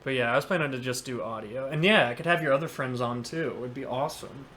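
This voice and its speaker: On a casual podcast, the male host talks fast in a medium pitch, laughing often and making jokes at his own expense. Crowd noise can be heard in the background.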